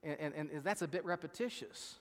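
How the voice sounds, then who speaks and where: A man preaches in a relaxed, talky way, turning to his listeners with questions as he goes. His voice sits a little higher than most men's. Everything rings with the long reverb of a big church hall. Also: brisk. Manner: conversational, asks the congregation questions. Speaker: pastor. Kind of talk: sermon. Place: church sanctuary.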